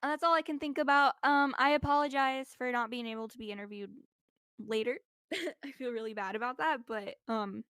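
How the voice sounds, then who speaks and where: A woman's voice: fairly high pitch, steady tone, a little fast, a bit bright, clear, resonant tone, no room sound, studio quality. A young woman talking casually in an interview, rambling and filling her talk with "like", recorded on a laptop microphone. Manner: rambling, heavy use of "like". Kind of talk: casual chat. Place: indoors while traveling. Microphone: laptop mic.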